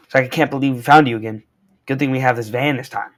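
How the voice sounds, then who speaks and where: A young man in a casual comic book review, talking in an excitable, slangy way and tossing in "bro" and "like" all the time. His voice sits at an ordinary middle pitch, and he wears a clip-on mic while he walks around. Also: fast talker. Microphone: wearing a corded mic while walking around.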